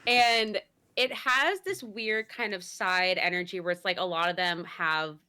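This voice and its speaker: A young woman guest host in casual podcast chat, animated and quick to laugh, sometimes searching for words. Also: on the low side, clean tone. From Italian-American heritage.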